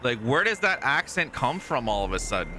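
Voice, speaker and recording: A man's voice: mid-range voice, big pitch swings, brisk, pushed and bright, a little hiss or hum. A man chatting casually during a live game stream, teasing and talking to viewers and people off-mic. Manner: chatty, teasing, talks to chat and off-mic family.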